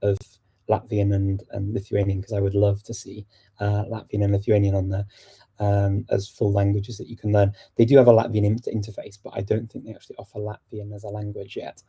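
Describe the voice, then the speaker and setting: A man hosting a relaxed live stream, chatting loosely about language learning with frequent laughter and restarts. His voice sits low and mellow, and his pitch stays quite even from phrase to phrase. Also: brisk, gravelly, breathy edge. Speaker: language channel host. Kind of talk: casual live chat.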